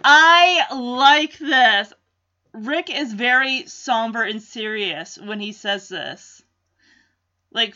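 Woman vlogger, high bright voice, unhurried chatty recap, a bit lo-fi. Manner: chatty, amused, acts out quotes. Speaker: vlogger recapping a sitcom episode. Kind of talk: casual reaction chat.

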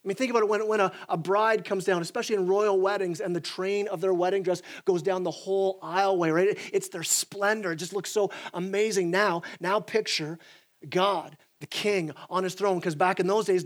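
Pastor, male, fairly high voice, lively sermon delivery, restarts phrases, works the room. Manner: animated, repeats words when starting sentences, acts out voices. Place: church sanctuary.

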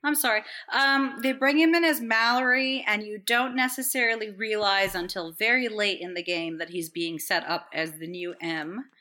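A woman with a bright, sharp voice chats casually on a podcast. She rambles enthusiastically, swears freely, and often breaks into laughter. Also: medium pitch, steady tone, moderate pace, hardly any pauses. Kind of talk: casual chat.

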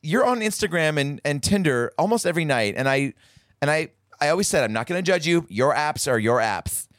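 A man's voice: on the high side, animated, fairly quick, a bit bright, no echo, studio quality. A man playing a clingy, oblivious young woman in an improvised comedy sketch, rambling and defensive, matter-of-fact about crude topics. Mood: confessional.

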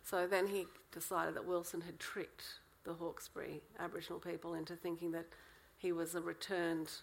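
A woman, a co-author, explaining history in a lively conversational interview. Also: on the low side, fairly quick, gravelly, rough recording.

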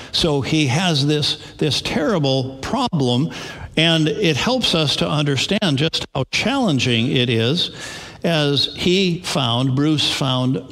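A man's voice: medium pitch, a bit bright. A man preaching a sermon as pastor, telling stories in a conversational way with small restarts. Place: church sanctuary. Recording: long reverb of a large hall.

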